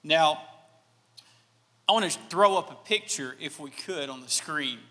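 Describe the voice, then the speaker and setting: A man's voice: on the high side, lively intonation, a little slow, pushed and bright, long reverb tail. A man from Alabama with a light Southern accent, preaching a sermon with folksy, self-deprecating storytelling. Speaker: pastor.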